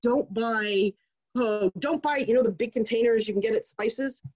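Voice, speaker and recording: A woman's voice: fairly high pitch, moderate pace, darkish tone, muffled recording. A woman giving a casual online class, talking in a chatty, digressive way that slips into rants. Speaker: class presenter. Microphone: video call.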